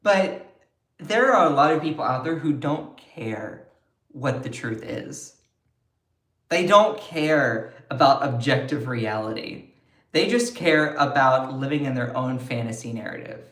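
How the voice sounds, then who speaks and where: A man's voice: mid-range voice, animated, a little slow, a bit bright, echoey room. A man doing casual political commentary on a livestream, chatty and sarcastic as he answers comments from his chat.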